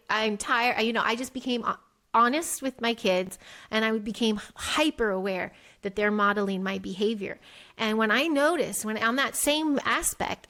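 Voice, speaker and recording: A middle-aged woman with a slightly high voice shares her personal story as a podcast guest. She rambles animatedly, restarts her sentences and slips into quoted snippets of her own past thoughts. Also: fairly bright tone. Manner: rambling, with many restarts and "like" fillers.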